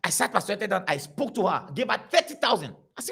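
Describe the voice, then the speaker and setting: A man preaching to a congregation, telling stories in an animated, repetitive way. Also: sits high, fast talker, vocal fry. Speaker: pastor.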